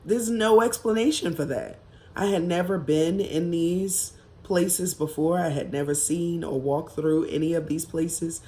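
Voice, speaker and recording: Woman, vlogger, slow unhurried delivery, casual storytelling, emphatic and reflective. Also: on the low side, dark tone. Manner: emphatic, reflective, drawn-out pauses.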